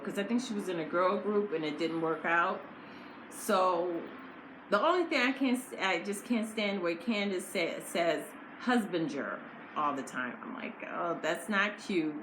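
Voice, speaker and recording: Woman, lowish voice, blunt, opinionated, casual recap commentary, echoey room. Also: fairly bright tone. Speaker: reality show recap host. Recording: echoey room with faint noise.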